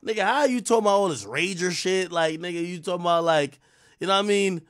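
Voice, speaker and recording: Rambling, profane male streamer, higher voice. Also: fast. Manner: animated, rambling, profane trash talk. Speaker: livestream host. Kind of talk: casual live-stream commentary.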